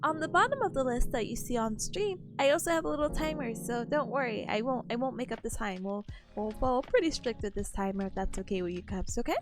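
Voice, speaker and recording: A woman's voice: a little high, lively intonation, fast talker, few pauses, faint music behind. A young woman streaming as a VTuber, chatting playfully with her viewers, giggly and a little sniffly. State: sniffly, voice a bit worn. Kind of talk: casual chat with stream chat.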